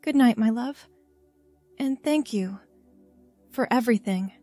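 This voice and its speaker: A woman voicing a shy, nervous young man who speaks in a hushed, hesitant way. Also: a little high, unhurried, soft background music, close to an everyday voice. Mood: grateful.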